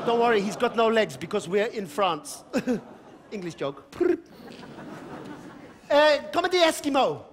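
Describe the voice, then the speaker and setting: Manic stage clown, male, shrill and shouty, slow stammering delivery with broken French. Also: very animated. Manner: frantic, shouting, stammering, cackling; mixes broken French into English. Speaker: stand-up comedian. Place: theater stage before a live audience. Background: audience laughter.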